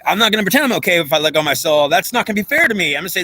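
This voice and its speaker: A man's voice: sits high, lively intonation, racing, bright, forceful tone, no room sound. A man in an unscripted monologue, rambling in a stream of consciousness and arguing back and forth with himself. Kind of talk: guided visualization.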